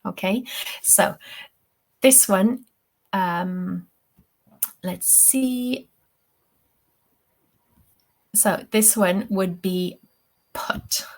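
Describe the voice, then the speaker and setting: A woman's voice: mid-range voice, drawn-out words, long pauses, a little mellow. A woman, a tutor answering questions in a live webinar, chatty and thinking aloud with many ums. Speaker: English-teaching tutor.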